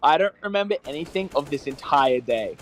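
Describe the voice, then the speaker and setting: A man's voice: on the high side, lively intonation, a little fast, slight background noise. A young man chatting casually with friends as a podcast co-host, telling rambling anecdotes. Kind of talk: casual chat among friends.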